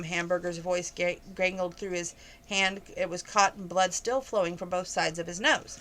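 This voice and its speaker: A woman's voice: fairly low pitch, little pitch movement, moderate pace, a bit bright, poor audio. A woman reading a novel aloud, with frequent stumbles and self-corrections. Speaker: reader of a novel.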